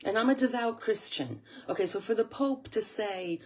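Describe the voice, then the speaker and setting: A woman from the United States who runs a channel speaks to camera at a moderate pace in a slightly high, animated voice. She's earnest and on the verge of tears, repeating phrases as she delivers an emotional monologue.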